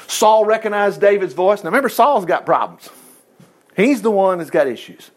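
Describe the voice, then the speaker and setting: A man preaching a folksy, animated sermon, reading scripture, acting out the quoted lines and laughing often. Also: sits high, a little fast.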